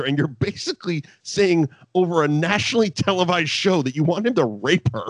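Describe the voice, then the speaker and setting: A man's voice: a little high, fairly quick, few pauses, dry recording, clean studio sound. A man casually recapping an old wrestling show with a co-host, swearing freely and laughing often. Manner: profane, animated, laughs often. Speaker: podcast co-host.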